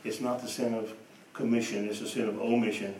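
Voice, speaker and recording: A man preaching a sermon, telling stories and moving between hushed and emphatic delivery. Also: lowish voice, level tone, fairly quick, slight background noise. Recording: echoey room, voice from a distance.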